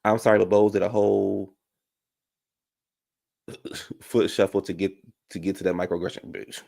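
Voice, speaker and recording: Gravelly low-voiced man chatting on stream. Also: flat delivery, moderate pace, darkish tone. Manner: chatty, opinionated, talks to viewers directly. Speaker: reality TV commentator reading live chat. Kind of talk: casual live-stream commentary.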